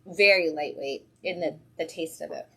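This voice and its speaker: A woman's voice: low-pitched, moderate pace, a bit bright, husky. A woman hosting a casual livestream from a comic book shop. She is chatty and upbeat and drops in frequent ums.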